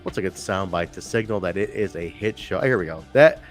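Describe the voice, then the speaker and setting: A man with a low-sitting voice talks fast while co-hosting a podcast, with faint music in the background. He chats casually and animatedly about wrestling shows, joking and swearing now and then.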